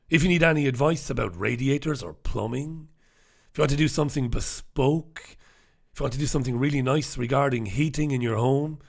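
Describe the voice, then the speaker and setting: A man from Ireland, hosting a live newspaper review in a brash, sarcastic manner, swearing freely and greeting viewers from the chat. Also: on the high side. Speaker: host.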